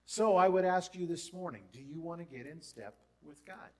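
A man preaching a sermon as pastor, conversational with asides and rhetorical questions, his voice rising for emphasis. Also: normal speed. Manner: lists in a lowering voice, rises for emphasis.

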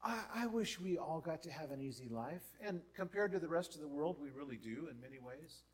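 This man delivers a sermon as pastor, expressive and a little fast, talking conversationally with asides and rhetorical questions. He lowers his voice through lists and lifts it to stress points.

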